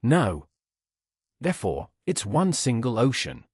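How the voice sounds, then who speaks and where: A man voicing a stubborn, loud male pub quiz contestant who barks his points indignantly. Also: medium pitch, very animated, slow pace, slightly rough, no room sound, studio quality, heavily acted. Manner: barking, indignant.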